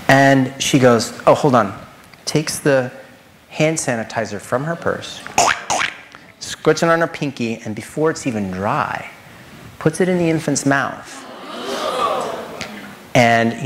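A man giving a lecture presentation as a nutritionist, animated, firing rhetorical questions and addressing the audience directly. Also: medium pitch, a little hiss or hum.

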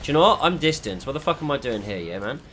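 A man's voice: mid-range voice, sing-song, fast, fairly bright tone. A man giving frustrated, swear-filled commentary while playing a shooter game. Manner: frustrated, heavy swearing, exasperated. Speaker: gamer. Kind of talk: gameplay commentary.

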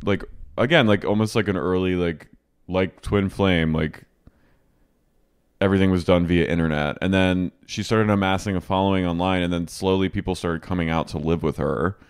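Smooth-voiced man in casual chat. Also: sits low, normal speed, dry recording, studio quality. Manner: animated storytelling, heavy use of "like". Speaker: podcast co-host.

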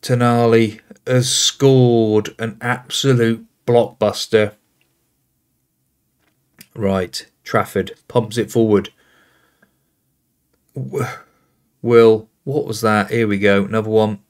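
A man's voice: on the low side, steady tone, slow, long pauses, clean tone. A man hosting a football management game, calling out player names and reacting with exasperation as play unfolds. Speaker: gaming host. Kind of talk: casual game commentary.

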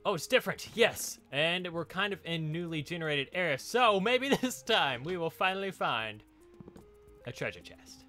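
Bright-voiced man chatting through a game. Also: fairly high pitch, animated, normal speed, soft background music. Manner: chatty, easily surprised, laughs often. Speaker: gaming channel host. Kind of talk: casual let's play commentary.

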